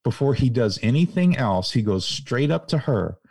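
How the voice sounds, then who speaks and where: A man's voice: medium pitch, animated, normal speed, gravelly, darkish tone, dry recording, studio quality. A man talking casually and earnestly, with emphatic stresses and many restarts. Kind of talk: casual chat.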